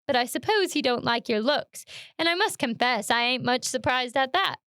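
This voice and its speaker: A woman voicing a blunt, gruff seafaring man in a dramatic read-aloud, speaking loud and indignant. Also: high voice, lively intonation, moderate pace, no echo, studio quality. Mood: blustering.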